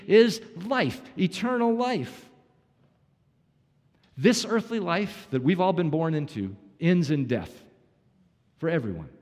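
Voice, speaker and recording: Earnest pastor preaching in a reverberant hall. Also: male voice, on the high side, darkish tone. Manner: earnest, emphatic preaching with rhetorical questions. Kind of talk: sermon. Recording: long reverb in a large hall.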